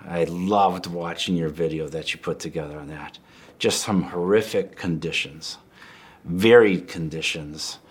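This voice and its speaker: A man's voice: sits low, unhurried, husky. A male podcast host asking a guest curious, leading questions. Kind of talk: interview questions.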